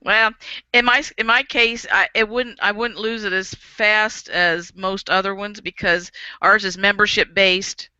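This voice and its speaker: A woman's voice: medium pitch, steady tone, measured pace, bright, forceful tone, smooth, no room sound. A woman magazine editor speaking in a plain-spoken, matter-of-fact way in a casual round-table discussion. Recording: dry, dull lo-fi recording.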